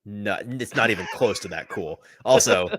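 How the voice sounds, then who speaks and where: A man's voice: lowish voice, big pitch swings, normal speed, vocal fry, breathy edge, no room sound, clean studio sound. A man hosting a casual sports podcast, rambling through a tangent with chuckling, self-deprecating asides. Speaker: podcast host.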